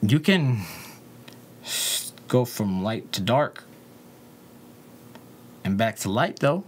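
A young man telling a rambling, profane story, swinging between loud asides and low muttering. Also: expressive, slow pace, a little hiss or hum. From Southern California. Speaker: interview guest.

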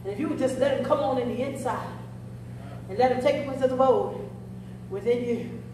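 A woman's voice: fairly high pitch, normal speed, warm tone, slight background noise. A woman pastor, preaching a sermon in a rhythmic, half-chanted cadence and punctuating nearly every phrase with "huh?". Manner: chanting, half-sung cadence when climaxing. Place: church. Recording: echoey sanctuary, voice from a distance.

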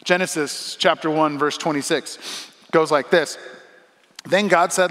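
A man preaching a sermon as pastor, talking to the congregation in a conversational way that swings from soft asides to loud, emphatic lines. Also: on the high side, fairly even intonation, measured pace, long reverb tail. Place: church auditorium.

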